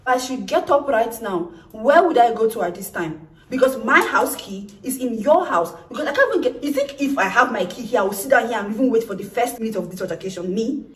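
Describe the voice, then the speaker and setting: A young woman telling a personal story in an animated vlog, acting out what people said. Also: on the high side, distant mic. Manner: animated, acts out quoted lines. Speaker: vlogger. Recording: echoey room, off-mic.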